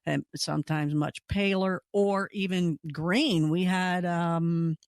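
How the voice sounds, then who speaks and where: A woman hosting a radio talk show tells stories in a lively, conversational way, her pitch jumping up when she stresses a point. She takes it slowly, and the studio sound is clean with no echo.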